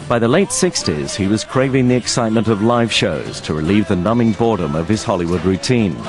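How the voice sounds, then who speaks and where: Man narrating a documentary over music. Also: lowish voice. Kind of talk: scripted narration.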